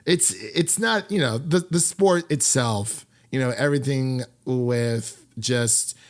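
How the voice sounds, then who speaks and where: A man's voice: medium pitch, takes it slowly. A man hosting a film podcast in casual chat, rambling and laughing often, with upbeat sign-offs. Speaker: podcast host.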